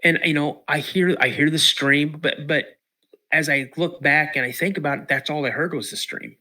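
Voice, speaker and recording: A man's voice: fairly high pitch, normal speed. A middle-aged man, a podcast guest, telling a story casually with lots of repeats and restarts. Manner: animated, repeats words and restarts.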